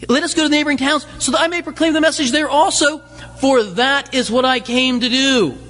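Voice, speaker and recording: A husky-voiced pastor voicing Jesus as a calm, resolute man within a sermon. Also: very high voice, brisk, soft background music, voice pushed up. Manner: earnest, declarative. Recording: long hall reverb.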